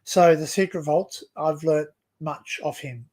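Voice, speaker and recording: A young Australian man with a notably high voice hosts a relaxed, unhurried livestream, chatting with viewers and a guest. He rambles through his thoughts in a stop-start way, repeating words and restarting sentences again and again.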